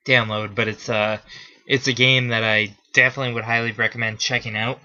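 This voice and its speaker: A man's voice: medium pitch, normal speed, pauses often, bright, forceful tone, muffled recording. Rambling casual gaming vlogger man. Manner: rambling, frequent fillers and restarts. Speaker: gaming video host. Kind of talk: casual unscripted vlog talk.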